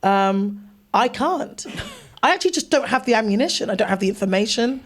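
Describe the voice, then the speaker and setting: An English guest artist with a fairly high-pitched voice chats casually in an interview at a live event venue, in front of an audience. She talks at normal speed, animated and laughing often as she acts out voices from bits of conversations.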